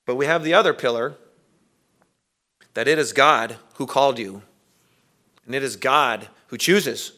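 A man preaching a sermon, earnest, asking rhetorical questions and swinging between loud emphasis and quiet. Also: medium pitch, measured pace, pauses often. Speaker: pastor.

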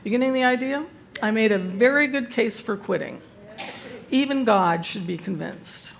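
A woman's voice: fairly high pitch, animated, moderate pace, creaky. An older woman teaching a Bible study group, giving a devotional talk with self-deprecating humor.

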